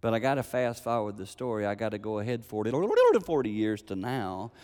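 An older man preaching a sermon, telling a family story with animated delivery and acting out the voices of the people in it. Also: on the low side, fairly quick, smooth, long reverb tail.

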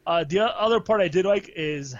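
A man's voice: high-pitched, fairly quick, no room sound. Chatty man with a dull lo-fi sound. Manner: laughs often, relaxed and chatty. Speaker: podcast co-host. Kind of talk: casual chat.

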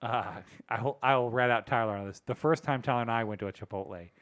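A man's voice: mid-range voice, fairly quick, fairly bright tone. Rambling, storytelling podcast host man. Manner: rambling storyteller, acts out quoted people. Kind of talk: casual chat.

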